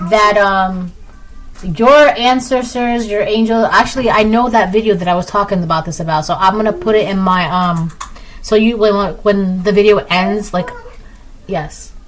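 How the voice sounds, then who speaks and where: A woman's voice: medium pitch, moderate pace, rough recording. A woman giving a casual tarot reading, chatty and repetitive, often ending lines with "right?". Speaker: tarot reader.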